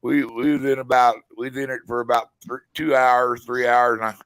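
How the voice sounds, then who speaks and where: A man's voice: medium pitch, level tone, brisk, fairly bright tone, no room sound, rough recording. A middle-aged man telling a fishing story in a casual chat, drawling with folksy slang. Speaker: guest. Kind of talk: casual live-stream chat.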